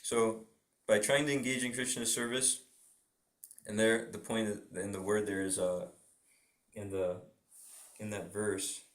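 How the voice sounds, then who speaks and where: Male preacher, somewhat low voice, casual talky sermon delivery with frequent laughs and acted-out bits. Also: little pitch movement, unhurried, long pauses. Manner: chatty, laughs often, acts out little dialogues. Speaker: preacher giving a scripture class. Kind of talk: informal sermon.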